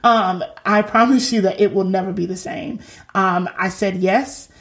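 A woman's voice: mid-range voice, fairly even intonation, a little slow. A woman in her thirties hosting a faith podcast, talking casually, earnest and exhorting, with slangy asides.

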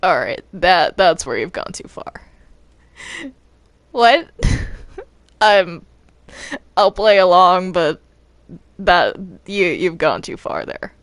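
A man's voice: high voice, very animated, slow pace, pauses often, fairly bright tone, no echo, full character voice. A man voicing a flustered male cartoon demon in a game role-play, stammering and repeating words. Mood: stern. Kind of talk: Minecraft role-play acting.

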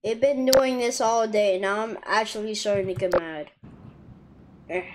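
A woman giving live gameplay commentary, excitable, with frequent loud outbursts and groans. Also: medium pitch, unhurried, background noise.

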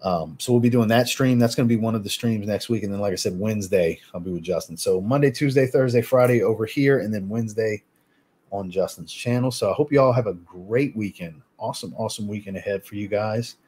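Husky-voiced man hosting a livestream. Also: lowish voice, brisk. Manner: relaxed, reads viewer comments aloud and answers them. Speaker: fragrance livestream host. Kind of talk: casual livestream chat.

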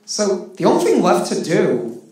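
A man in his thirties from Russia doing live stand-up comedy, lively with flat deadpan punchlines. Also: high-pitched, unhurried. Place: comedy stage before a live audience. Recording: roomy live venue with crowd laughter.

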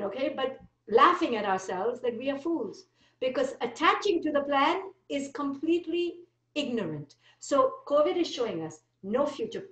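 A woman's voice: high voice, very animated, normal speed, fairly bright tone, far from the mic. A woman giving a spiritual motivational talk, driving her points home with short, repeated declarations. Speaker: speaker. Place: speaking virtually. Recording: echoey room, voice off-mic.

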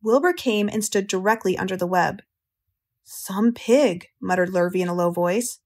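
An American woman narrating an audiobook in a calm, measured, gentle storytelling manner. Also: mid-range voice.

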